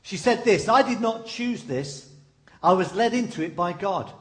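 A man delivering a sermon with a high-pitched voice. He tells stories animatedly and leans into dramatic pauses. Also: expressive. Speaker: preacher.

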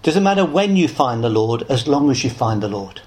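In an earnest, pleading evangelistic sermon, a man raises his voice on key words and lets it fall low and soft as phrases close. His delivery is sing-song at a normal speed.

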